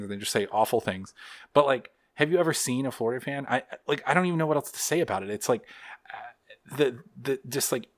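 A man co-hosting a podcast, ranting hotly with swearing and a stream of fillers. His voice sits at an ordinary middle pitch. The sound is dry and close, with no room echo. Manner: heated, swearing rant with many fillers. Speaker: podcast co-host.

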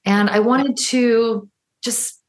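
A woman, guest and author, telling a personal story in a conversation, animated, often laughing and acting out the voices she quotes, in a room at home. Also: on the high side, takes it slowly, reverberant. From Los Angeles area. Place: room in her father's house.

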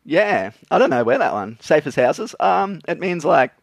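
A man's voice: on the high side, big pitch swings, normal speed, vocal fry, no room sound, studio quality. A young Australian man, a podcast guest, rambling casually with fillers and frequent laughter.

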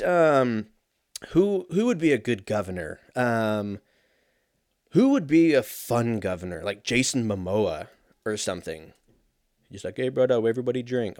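A man's voice: mid-range voice, no room sound, clean studio sound. A man in his thirties talking in a casual, meandering way, swearing often and poking fun at himself. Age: 30s. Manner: profane, meandering, self-mocking. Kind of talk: casual rambling monologue.

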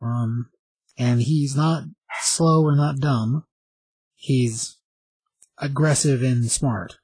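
A man's voice: mid-range voice, very slow, a little mellow, breathy edge, no room sound, poor audio. A man casually recapping a comic book plot, rambling along with many fillers and restarts.

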